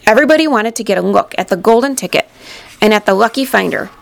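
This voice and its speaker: A woman reading a children's storybook aloud in a gentle, expressive way, with a slightly gravelly voice. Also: mid-range voice, fast talker. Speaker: narrator.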